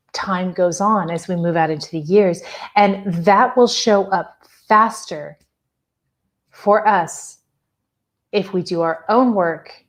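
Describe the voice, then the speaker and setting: Woman, spiritual teacher, slightly low voice, chatty storyteller who laughs a lot. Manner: chatty, laughing, lots of "like" and "you know".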